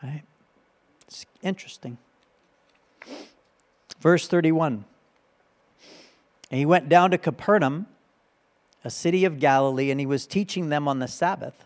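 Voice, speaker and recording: Preacher who keeps asking "right?". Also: male voice, fairly high pitch, a little slow, pauses often. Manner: conversational, often asks "right?". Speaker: pastor. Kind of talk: sermon.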